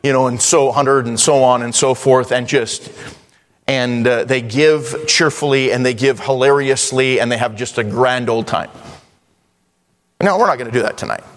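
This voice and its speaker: A pastor preaching from the pulpit. His voice sits at an ordinary male pitch and rings through a church sanctuary with a long reverb tail. He reads scripture in slow, weighty King James cadence, then pushes upward into fervent emphasis. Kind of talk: sermon.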